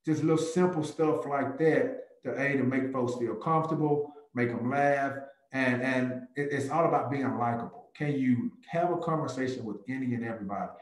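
A man, a real estate agent speaking as a guest on a video call, who tells stories lively and acts out little conversations. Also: moderate pace, hardly any pauses, roomy sound, rough recording. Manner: animated, jumps into a higher voice to act out chats. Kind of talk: lively talk with acted-out dialogues.

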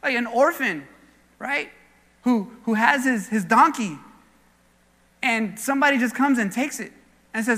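A man's voice: very high-pitched, unhurried, pauses often, sharp tone, in a large hall. A man preaching a sermon as pastor, speaking earnestly and conversationally and weaving in personal stories. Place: church sanctuary.

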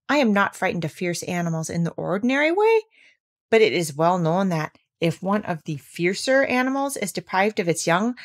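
A woman's voice: medium pitch, close to an everyday voice. A woman voicing a small, timid male piglet who talks nervously and fidgets.

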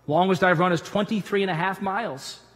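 A man, a pastor, giving a conversational sermon in a church auditorium with animated storytelling and humorous asides. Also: sits high, a little fast, big-room sound.

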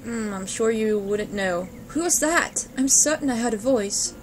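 A prim, anxious mother with a British accent, as a woman reads her lines, speaking slowly and a little high. Game music runs underneath. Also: lively intonation, slight background noise. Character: worried mother searching for her children.

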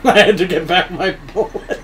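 A woman's voice: lowish voice, normal speed, a bit bright, a little hiss or hum, rough recording. A woman playing a video game for a let's play, laughing often and swearing at the game in casual commentary.

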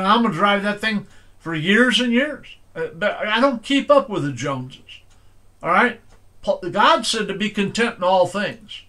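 A man's voice: high-pitched, fairly bright tone. An older man preaching a sermon in a folksy, storytelling way, often checking in with "all right?". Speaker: pastor.

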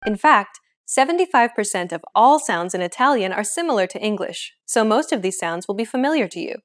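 A young adult woman hosting a language lesson, explaining in a clear, measured scripted way. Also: mid-range voice, expressive.

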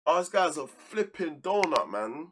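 A man's voice: fairly high pitch, very animated, measured pace, slight background noise. Slangy young man commentating a game. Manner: heated, slangy, shouts at players then mutters. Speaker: streamer playing a football manager game. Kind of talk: casual live game commentary.

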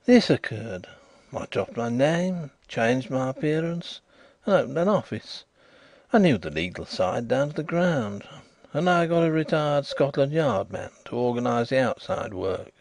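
A man's voice: mid-range voice, lively intonation, unhurried, a little mellow, no echo, voice pushed up. A man voicing an earnest, slightly flustered middle-aged ex-solicitor turned detective in an audiobook reading.

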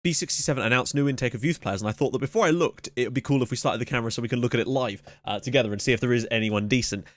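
A man hosting a let's play, giving excitable running commentary on a match with sudden yelps at big moments. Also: mid-range voice, racing, few pauses, no echo. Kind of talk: casual gameplay commentary. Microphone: camera mic.

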